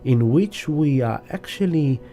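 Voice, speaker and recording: Male astrologer with a deep, mellow tone who rambles casually and acts out his examples over soft music. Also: expressive, measured pace. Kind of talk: spiritual teaching monologue.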